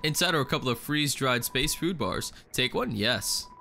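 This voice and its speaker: Excitable bright-voiced male gamer. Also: medium pitch, moderate pace, creaky, a little hiss or hum. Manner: excitable, laughing, reading game text aloud. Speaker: gaming YouTuber. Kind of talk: casual let's play commentary.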